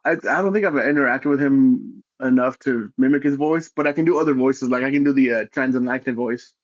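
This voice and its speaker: A man's voice: mid-range voice, a little fast, highs cut off. A man co-hosting a podcast, joking and laughing often while chiming in during casual chat. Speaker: podcast co-host.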